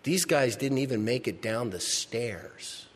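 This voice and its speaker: A man preaching a sermon, reading scripture and swinging from loud, emphatic lines to hushed ones. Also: mid-range voice, expressive, unhurried, long reverb tail. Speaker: pastor.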